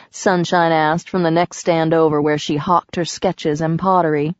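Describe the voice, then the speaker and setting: A woman narrating a novel in an even storytelling manner. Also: sits low, unhurried, hardly any pauses, dry recording, dull audio. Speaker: audiobook narrator. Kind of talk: scripted narration.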